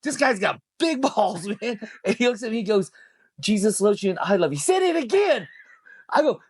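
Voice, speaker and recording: A middle-aged man, a podcast guest, telling a personal story in casual talk, swearing freely and acting out what people said in a raised, animated voice. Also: high-pitched, brisk, breathy edge, no echo, studio quality. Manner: animated, swears, acts out quoted lines in a raised voice.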